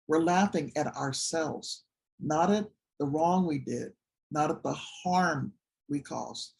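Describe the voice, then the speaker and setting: Animated recovery group leader. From Washington, DC area. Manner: animated storytelling, swinging between high excitement and soft low asides. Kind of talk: testimony-style talk to a recovery group.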